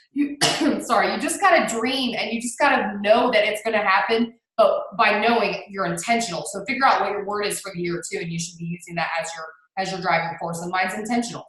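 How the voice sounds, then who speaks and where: A woman giving an energetic motivational talk as a guest on a video call, who laughs often and gets hyped. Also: medium pitch, heavy reverb, low-quality recording. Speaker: guest speaker.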